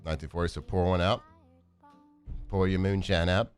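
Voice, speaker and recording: A man co-hosting a sports talk radio show, reading off trivia with playful, animated delivery. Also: deep voice, normal speed, clean tone, faint music behind. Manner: reads trivia list with playful old-timey voice bits. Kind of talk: casual sports radio banter.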